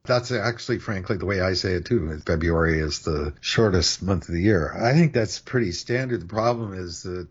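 An older American man explaining word usage in a measured, dryly witty way in a casual podcast chat. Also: sits low, husky. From United States. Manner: measured, dry wit, explanatory. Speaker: language expert, co-host. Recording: dull lo-fi sound.

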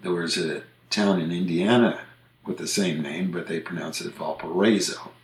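A man hosting a podcast about language, chatting casually and walking through examples one by one in a relaxed, explanatory way. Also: deep voice, moderate pace, vocal fry. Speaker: podcast host discussing language usage. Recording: roomy echo.

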